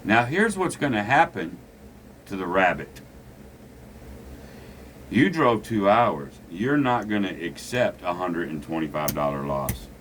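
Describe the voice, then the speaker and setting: Man, very low voice, blunt gambling teacher, faint noise behind. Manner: blunt, preachy, swears freely. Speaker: gambling instructor. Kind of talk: casual craps lesson at a table.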